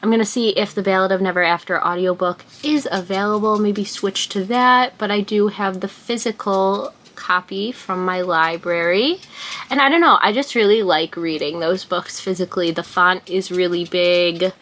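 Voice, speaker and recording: A woman's voice: medium pitch, normal speed, a bit bright. A young woman in her twenties filming a casual reading vlog at home, gushing about books and talking to her pet now and then. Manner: gushing, talks to her pet mid-sentence. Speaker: book vlogger. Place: at home indoors.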